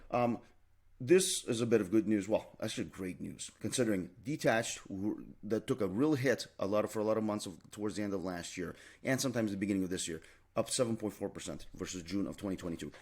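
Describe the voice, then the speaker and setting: A man with a fairly low voice walks viewers through a housing market update at a brisk clip. He is emphatic, repeats his main points for weight, and fills pauses with "uh" and "um". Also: a little mellow. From Canada. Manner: emphatic, repeats key points, many fillers. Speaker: realtor.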